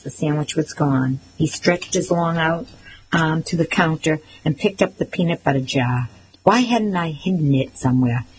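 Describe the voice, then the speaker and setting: A woman narrating a first-person novel, measured and expressive. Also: low voice, a little hiss or hum, rough recording. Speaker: audiobook narrator.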